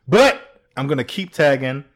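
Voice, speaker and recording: A man's voice: mid-range voice, a little slow. A man co-hosting a podcast, telling stories in casual chat, acting out quotes, swearing and laughing often. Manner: animated storyteller who acts out quotes, swears, laughs often. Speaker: podcast co-host.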